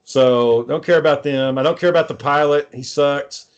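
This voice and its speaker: Profane ranting man, slightly high voice. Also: moderate pace, clean tone, lo-fi sound. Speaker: podcast co-host. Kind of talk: casual chat.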